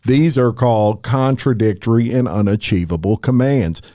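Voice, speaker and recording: A man co-hosting a podcast, giving earnest, measured commentary on a video. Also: medium pitch, mellow, dry recording, clean studio sound. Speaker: podcast co-host.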